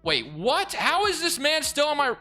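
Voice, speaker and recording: A young man giving casual commentary over a football video game, excitable and quick to rant in frustration. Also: extremely high pitch, soft background music. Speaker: gaming YouTuber.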